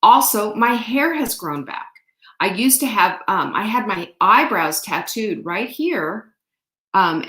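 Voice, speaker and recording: A woman's voice: mid-range voice, sharp tone. Woman, 60s, nutritionist host, chatty and teasing, tone middling, roomy echo. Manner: chatty, upbeat, teasing the viewers. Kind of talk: live Q&A to online viewers. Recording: echoey room.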